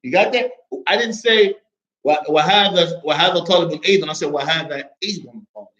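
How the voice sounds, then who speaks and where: American male teacher, brisk and lively, slightly high voice, muffled classroom recording. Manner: lively, mixes English with Arabic reading, checks understanding often. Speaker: Arabic teacher. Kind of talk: classroom lesson.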